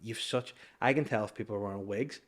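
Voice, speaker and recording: A young adult actor, guesting on a podcast, chats casually in a fairly low voice at a quick pace. He jokes and rambles, often restarting his sentences.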